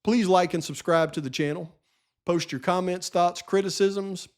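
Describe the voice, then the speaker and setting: A man with a fairly high voice speaks alone as a channel host. He talks in an insistent, lecturing way and hammers home each point. An edge of frustration runs under his commentary. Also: steady tone, moderate pace, smooth. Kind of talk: solo true-crime commentary.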